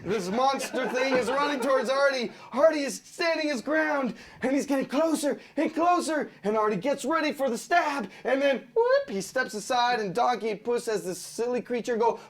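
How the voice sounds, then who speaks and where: A man pitching a storyboard, narrating scenes with laughter and acting out character voices. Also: normal speed, few pauses.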